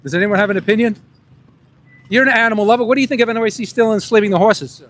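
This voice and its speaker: A man's voice: high-pitched, fast, a bit bright. Needling street-interview man with put-on New York accent. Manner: leading, needling questions with muttered asides to camera. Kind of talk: confrontational street vlog. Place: outdoors on a city street. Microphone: camera on a tripod.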